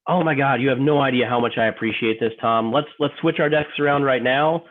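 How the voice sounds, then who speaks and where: A man's voice: medium pitch, brisk, close to an everyday voice. A man playing an emotional office worker in a training role-play, stammering, repeating himself and apologizing over and over. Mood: grateful. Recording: tinny phone-like line.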